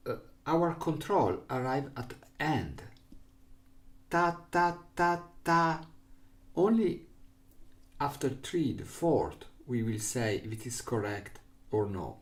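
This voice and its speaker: A man's voice: medium pitch, warm tone. A man with an Italian accent, an Italian speaker teaching a recorder lesson in simple English, patiently explaining step by step. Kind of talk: music lesson.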